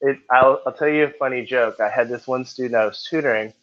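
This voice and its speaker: A man's voice: medium pitch, quick pace, a bit bright. A man tutoring a class for a test, chatting and joking with his students in a classroom. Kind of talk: classroom teaching. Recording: dull lo-fi classroom recording.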